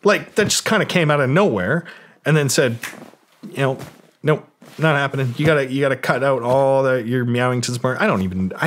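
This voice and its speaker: A man in his forties from Canada, telling a long story in a casual interview, swearing a lot, full of fillers, and acting out the voices of the people in it. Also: mid-range voice. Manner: profane, rambling anecdotes full of fillers, acting out quoted voices. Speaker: guest, music producer and DJ.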